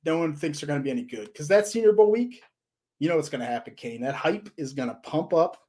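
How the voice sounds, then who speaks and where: A man's voice: on the high side, animated, fast, dark tone. A man co-hosting a podcast, telling stories and giving advice in a loose, rambling way with lots of fillers. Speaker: podcast co-host. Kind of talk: casual podcast chat.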